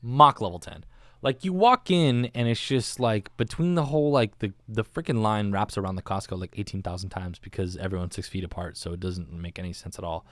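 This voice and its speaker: A man talks on his own podcast in a loose, rambling way, full of slang and jokes at his own expense. His voice sits a little low. The sound is dry and close to the microphone, with no room around it. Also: a little fast, hardly any pauses, darkish tone, dry recording. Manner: rambling, self-mocking, slangy. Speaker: podcast host. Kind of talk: casual solo podcast monologue. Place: recorded alone, not live. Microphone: studio microphone.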